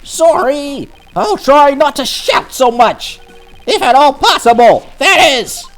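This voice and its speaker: A let's-play gamer voicing a loud, eager teenage boy art student who shouts every line in a high, boisterous voice. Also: expressive, normal speed, natural voice. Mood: shouting eager.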